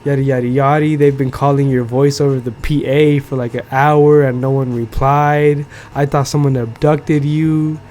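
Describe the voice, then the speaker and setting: A man voicing an angry mother who scolds her son in a low, seething voice. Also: flat delivery, moderate pace, few pauses, a little mellow, a little hiss or hum, natural voice. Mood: scolding.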